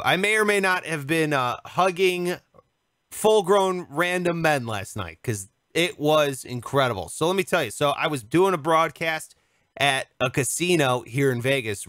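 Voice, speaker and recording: Lively high-voiced joking man. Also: measured pace, no room sound, studio quality. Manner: animated, jokey, acts out quotes. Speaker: podcast co-host. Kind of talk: casual chat, storytelling.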